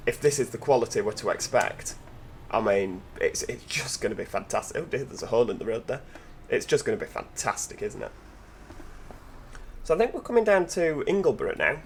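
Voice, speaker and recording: A man's voice: mid-range voice, slight background noise. A man hosting a gameplay video, commentating with enthusiasm as he drives and chatting to the in-game passengers. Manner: enthusiastic, chatty, full of tag questions; talks to in-game passengers while driving. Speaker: gaming channel host.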